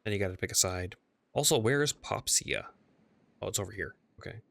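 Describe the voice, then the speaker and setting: A man's voice: lowish voice, animated, brisk, vocal fry. A man streaming a strategy game, casually muttering and reading game text aloud as he plays. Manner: mumbling, reads game text aloud, trails off quietly. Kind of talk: casual gameplay commentary.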